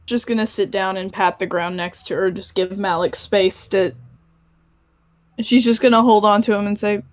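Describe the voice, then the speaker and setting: A woman's voice: mid-range voice, fairly even intonation, normal speed, dry recording. A woman playing a tabletop game online, rambling casually through a recap, swearing offhand and acting out bits of dialogue. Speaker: player.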